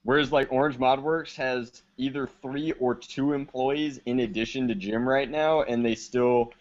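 A man's voice: mid-range voice, steady tone, unhurried. A man co-hosting a podcast in casual chat, speaking bluntly with strong opinions. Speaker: podcast co-host. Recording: dull lo-fi sound.

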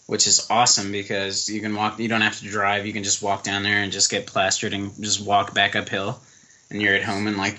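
This fairly low, sharp-toned voice belongs to a young man from the United States who lives in Germany and co-hosts a casual chat podcast. His manner is relaxed and meandering, with plenty of filler words.

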